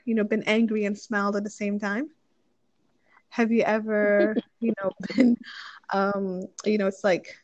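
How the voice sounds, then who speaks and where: A woman's voice: mid-range voice, a little mellow, no room sound. A woman casually summarizing a relationship book, chatty and rambling, with many fillers and restarts, and acting out quoted lines in little voices. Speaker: book reviewer. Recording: dry, slightly muffled recording.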